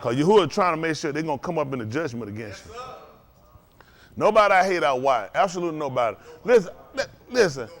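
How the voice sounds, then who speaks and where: Man preaching, high voice, casual sermon, frequent chuckles, calls for agreement. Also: sing-song, fast talker. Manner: chuckling, asks the congregation "ain't that right?". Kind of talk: loose conversational sermon.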